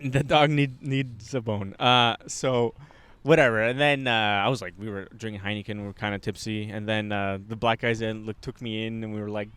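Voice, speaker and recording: This Montreal podcast co-host is a young man with a fairly low, clean voice who talks briskly, captured in a dry recording. He spins a long, rambling story in relaxed conversation, cursing a lot and performing the other characters' lines with real animation.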